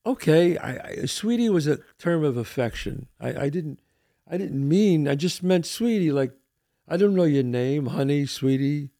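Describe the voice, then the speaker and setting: This older podcast host speaks a little high and at normal speed. His talk is loose and casual, full of old-school street-smart stories, and he tends to say the same words over and over with animated energy.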